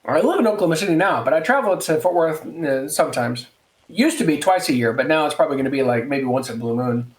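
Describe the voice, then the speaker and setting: Man streamer from Texas, higher voice, animated storyteller who swears, roomy echoey sound. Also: fast talker. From Texas, United States. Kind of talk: casual live-stream chat. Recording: roomy echo.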